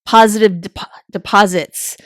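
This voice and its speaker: A middle-aged woman talking in relaxed conversation, chatty and expressive. She tells stories and slips into quoted voices along the way. Her voice sits mid-range and sounds dry and close to the mic. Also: mid-range voice, moderate pace, no echo. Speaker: podcast co-host. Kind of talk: casual chat.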